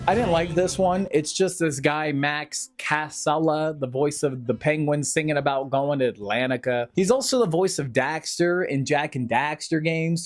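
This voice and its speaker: A man giving a casual film review commentary, sarcastic and swearing freely. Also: a little high.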